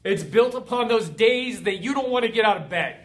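A man's voice: high-pitched, animated, a little fast. A young man giving a motivational pep talk to his community as its host, fervent and emotional, hammering home repeated refrains.

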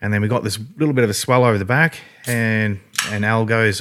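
A man's voice: on the low side, a little fast, a bit bright, slight background noise. An Australian man telling a story in a rambling, laid-back way, swearing freely. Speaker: podcast guest. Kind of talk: casual storytelling.

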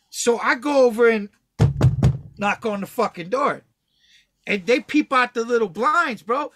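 A man's voice: extremely high pitch, unhurried, long pauses, sharp tone, slight background noise. A young Southern man from Texas telling a long, loose story full of swearing, acting out the other people's lines as he goes. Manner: loose, swearing, acts out quotes. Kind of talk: casual profane storytelling.

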